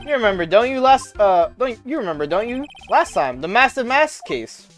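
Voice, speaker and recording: A woman voicing an excitable, lovestruck young man in a game, loud and stammering. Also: on the high side, normal speed, faint music behind, pitched above the performer's own voice. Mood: gushing. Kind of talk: voicing game dialogue live.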